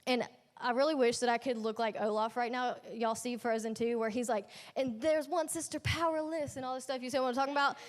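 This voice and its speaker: A woman's voice: a little high, fairly even intonation, fast. A young woman leading a youth ministry, preaching a casual sermon in a chatty, slangy storytelling way with playful asides. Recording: echoey hall.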